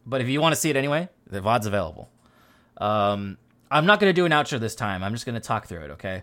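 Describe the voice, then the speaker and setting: This male podcast host's mid-range voice is sing-song and fairly bright, and he talks fast. The casual chat wanders, full of fillers and tossed-off swearing.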